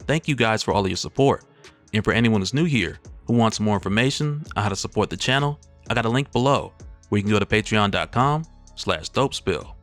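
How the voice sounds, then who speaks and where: A man hosting a casual comic book story recap, telling it in a laid-back, slangy and lively way. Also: fairly low pitch, a little fast, faint music behind.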